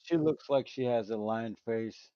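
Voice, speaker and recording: A man's voice: medium pitch, unhurried. A middle-aged man, a day trader, chatting casually and hesitantly with friends over a call. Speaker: day trader on a group stream. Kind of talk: casual banter. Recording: dull lo-fi call audio.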